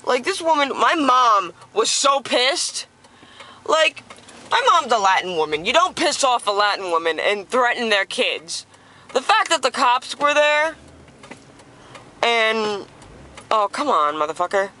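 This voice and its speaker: Young woman vlogging from her car, high and bright, excitable, swears a lot, restarts often. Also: a little slow, low-quality recording. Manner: excited, profane, rambling with restarts. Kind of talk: casual storytelling. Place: inside a car while driving.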